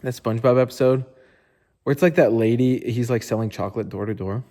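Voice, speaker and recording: Speaking fairly quickly in a medium-pitched, dark voice, this motivational speaker shares stories in a loose, frank way. Profanity and the word "like" come up constantly, and his voice echoes as if in a large room.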